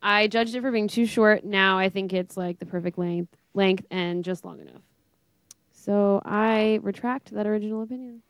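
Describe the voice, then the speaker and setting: A woman's voice: mid-range voice, normal speed, clean tone, no room sound. A young woman co-hosting a podcast, casual and wry, with offhand teasing remarks. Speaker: podcast co-host. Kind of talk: casual chat.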